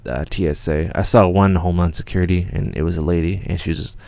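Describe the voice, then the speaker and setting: Low, gravelly-voiced Canadian man chatting. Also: steady tone, quick pace, darkish tone, no echo. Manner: rambling, laid-back storytelling with many fillers and swearing. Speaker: music producer hosting a live Q&A stream. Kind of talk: casual livestream chat. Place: home studio.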